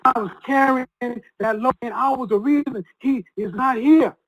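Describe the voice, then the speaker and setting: With a very high voice and the highs cut off in the audio, a man speaking as a guest relates an emotional personal story. His delivery is earnest and halting, full of restarts.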